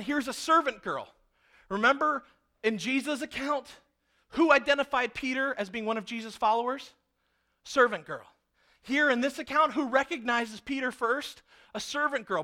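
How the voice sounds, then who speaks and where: A man preaching a sermon as a pastor, telling the story in an animated way and acting out the voices of the people in it. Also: very high-pitched.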